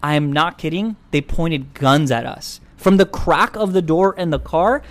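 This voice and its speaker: A young man with a slightly high voice tells a story in casual chat. He is animated and laughs often, and he acts out the people in his story. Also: moderate pace, few pauses. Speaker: guest filmmaker.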